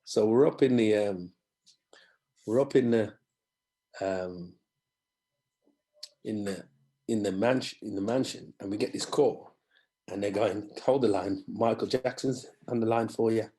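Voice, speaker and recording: Man, 50s, fairly low voice, podcast guest, lively anecdotes, mimics others' voices. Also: a little slow, long pauses. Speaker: guest musician. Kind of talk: storytelling in a podcast interview.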